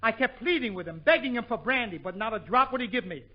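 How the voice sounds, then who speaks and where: A man's voice: very high-pitched, animated, quick pace. A man hosting a 1940s radio comedy show, delivering punchy wisecracks. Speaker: comedian host. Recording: muffled old radio with studio audience and hiss.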